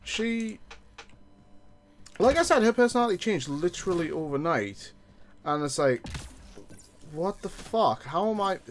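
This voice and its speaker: A man's voice: high voice, sing-song, a little slow, pauses often, slight background noise. A man streaming a game, telling a story in a ranting, profane way. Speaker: gaming streamer. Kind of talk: casual gameplay chat.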